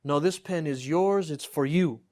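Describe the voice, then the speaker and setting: A man with a slightly high voice teaches a classroom grammar lesson. He moves patiently through example after example, stopping now and then to make sure his students are following. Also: moderate pace, warm tone. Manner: patient, explains with repeated examples and checks "right?". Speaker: Arabic teacher.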